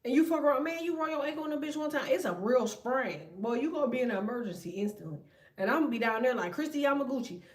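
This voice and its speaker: A tarot vlogger in her thirties from the United States rants bluntly and profanely to her viewers. Her voice sits high and moves fast, recorded far from the mic, and she tells stories in an animated way.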